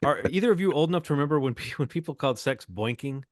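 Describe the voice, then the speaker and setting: A man's voice: fairly high pitch, animated, racing, dry recording, clean studio sound. A male podcast co-host in casual chat, wry and joking, thinking aloud with many "like"s.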